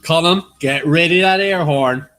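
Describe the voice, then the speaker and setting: A man's voice: a little high, unhurried, soft background music. A man with an Irish accent co-hosting a casual online quiz, teasing and cracking jokes. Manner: teasing, lively, jokey asides. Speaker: quiz co-host. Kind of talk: casual live-stream quiz banter.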